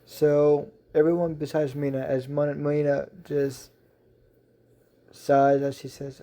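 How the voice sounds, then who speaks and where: Halting, gravelly male storyteller. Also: a little high, little pitch movement, warm tone. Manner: halting, many ums and restarts. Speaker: story narrator. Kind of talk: reading a self-written fan story.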